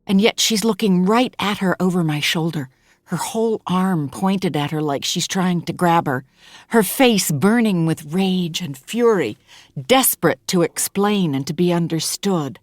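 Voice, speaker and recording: Audiobook narrator: woman, low and unhurried, very expressive, dry close sound. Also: no room sound. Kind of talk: first-person audiobook narration.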